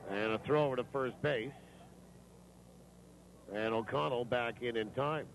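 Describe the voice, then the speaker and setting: A man doing live play-by-play for a baseball game on the radio, calling each pitch in a steady, matter-of-fact way. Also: a little slow, gravelly. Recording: noisy ballpark ambience.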